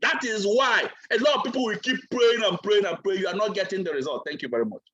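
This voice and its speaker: Guy preaching at a training, high bright voice, hammers every point. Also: fast, breathy edge, dull audio. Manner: emphatic and repetitive, asks for water mid-talk. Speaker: trainer and speaker. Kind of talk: motivational training talk delivered like a sermon.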